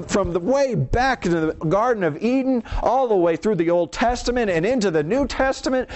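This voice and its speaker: Emphatic male preacher, fairly high voice. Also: a little hiss or hum. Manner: emphatic, swings between soft low and raised lines; rhetorical questions to the congregation. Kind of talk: sermon.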